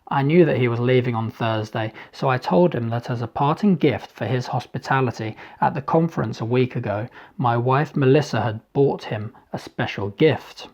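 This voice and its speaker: A courteous, welcoming party host, as a male narrator plays him, speaking warmly and a little livelier than the narration. His delivery is polite and easygoing. The recording is slightly dull and lo-fi. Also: mid-range voice, normal speed, few pauses, lightly acted. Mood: friendly.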